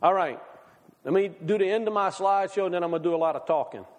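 A man's voice: high-pitched, fast talker, long reverb tail. A male pastor giving a conversational sermon, asking the congregation many questions.

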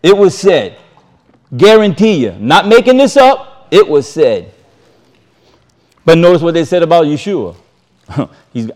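A man preaching from scripture, his voice sitting a little high and swinging widely in pitch as he drives each point home. He talks casually and emphatically, repeating key phrases and breaking into chuckles between lines. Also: big pitch swings, unhurried, long pauses, a little mellow. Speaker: Bible teacher. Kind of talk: scripture reading with sermon commentary.

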